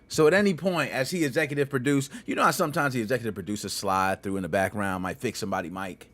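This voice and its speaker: A man hosting a casual gaming podcast, talking in animated, slangy banter and laughing often. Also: mid-range voice, quick pace. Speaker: podcast host.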